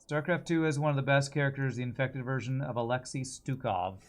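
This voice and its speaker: A man's voice: medium pitch, a little fast. A man streaming a strategy game, chatting casually and answering viewers' comments while he plays. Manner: chatty, reads and answers chat while playing.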